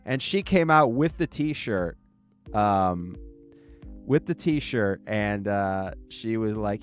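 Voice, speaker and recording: A man in his forties from the New York area tells stories in a loose, rambling way. He often breaks off and starts again, and he laughs as he talks. His voice sits in an ordinary middle pitch, with faint music in the background. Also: animated, slow pace. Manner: rambling, self-interrupting, laughs while telling stories. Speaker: podcast host. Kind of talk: casual storytelling.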